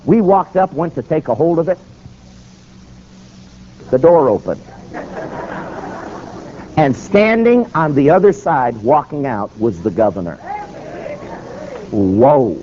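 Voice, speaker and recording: A man's voice: fairly high pitch, sing-song, unhurried, pauses often, a little hiss or hum. A man preaching in storytelling style, acting out the dialogue as he goes, in a muffled recording with faint ambience. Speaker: preacher and attorney. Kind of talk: sermon storytelling.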